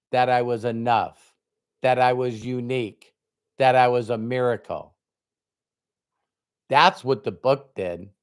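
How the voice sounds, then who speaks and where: A man's voice: medium pitch, clean tone. A man giving a motivational talk, telling a personal story with emphatic quoted dialogue. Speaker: motivational speaker.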